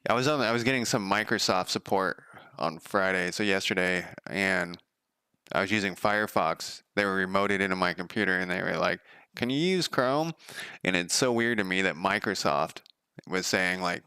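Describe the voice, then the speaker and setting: A man's voice: sits low, fairly even intonation, normal speed, bright, forceful tone, clear, resonant tone, no room sound. A man streaming as a game developer, talking through his code in a loose, sardonic, profane ramble. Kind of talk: casual live coding commentary.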